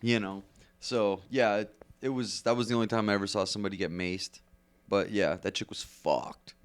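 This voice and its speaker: A man with a low voice tells a story on a podcast in a laid-back way. He swears constantly, and his voice sounds dry and close with no room echo. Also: fairly even intonation, normal speed, clear, resonant tone. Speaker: podcast co-host. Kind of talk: casual chat.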